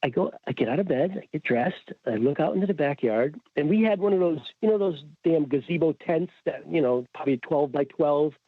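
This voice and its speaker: A man's voice: on the high side, expressive, brisk, few pauses, no room sound. A man from Connecticut, a podcast guest, telling a story in casual chat and acting out the quoted voices. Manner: acts out the quoted voices as he tells. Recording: tinny phone-like line.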